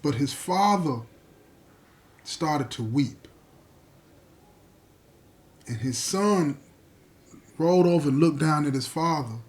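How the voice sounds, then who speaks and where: Slightly high-voiced male storyteller. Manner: direct address to listeners, slow deliberate pauses. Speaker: storyteller host. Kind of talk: dramatic spoken storytelling.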